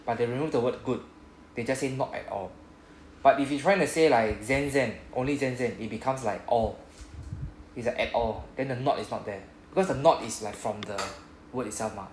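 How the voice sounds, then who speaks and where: A man's voice: medium pitch, a little hiss or hum. Singaporean man teaching Japanese in an echoey classroom. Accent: Singaporean English. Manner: patient, explains step by step, drills phrases slowly.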